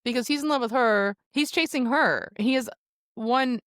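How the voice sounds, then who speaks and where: A woman co-hosting a podcast, reacting and asking quick questions in casual chat. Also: on the high side, a bit bright, no echo, studio quality. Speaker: podcast co-host.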